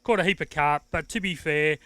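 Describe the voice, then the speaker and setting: A man's voice: fairly high pitch, brisk, pushed and bright, no echo. An Australian man, a winning angler, talking casually in an outdoor interview with laid-back, self-deprecating humour. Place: outdoors at a lakeside weigh-in.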